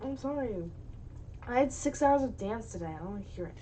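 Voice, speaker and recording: A young woman with a fairly high voice co-hosts a casual podcast. She is blunt and teasing in relaxed back-and-forth talk. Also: fairly quick, slight background noise. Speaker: podcast co-host. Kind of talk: casual chat.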